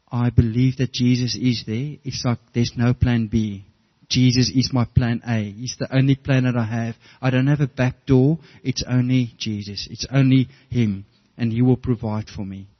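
A man's voice: medium pitch, muffled recording. A middle-aged man preaching a sermon, earnest and storytelling, often restarting his words. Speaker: pastor.

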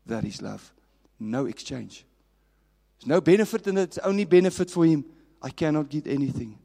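A man preaching a sermon as a pastor, telling stories with passion and dropping from raised to hushed. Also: fairly high pitch, animated, brisk. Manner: impassioned storytelling, swinging from raised to hushed. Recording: long reverb of a large hall.

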